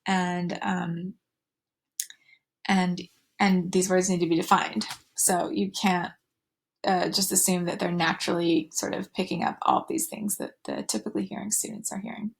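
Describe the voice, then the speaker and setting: Woman lecturing with gravelly fry. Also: on the low side, very animated, moderate pace. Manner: many fillers and restarts, sing-song when modeling talk to children. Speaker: teacher. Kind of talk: recorded slide lecture.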